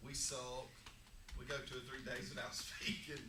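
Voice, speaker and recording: A man's voice: mid-range voice, flat delivery, moderate pace. A middle-aged man, teaching a couples Sunday school class in a folksy, joking way. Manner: folksy, joking, drawling asides. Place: church classroom. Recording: echoey room, distant mic, noisy.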